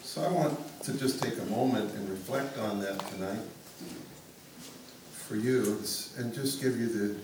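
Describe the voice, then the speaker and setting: A man preaching a sermon, leading the congregation in a calm, inviting way. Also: fairly low pitch, a little slow. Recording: echoey room, mic far off, room noise.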